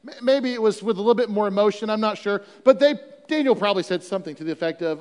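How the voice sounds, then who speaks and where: A man's voice: high voice, fast talker, few pauses, a little mellow, clean tone, long reverb tail. A man preaching a sermon as pastor, reading scripture and talking conversationally with humorous asides.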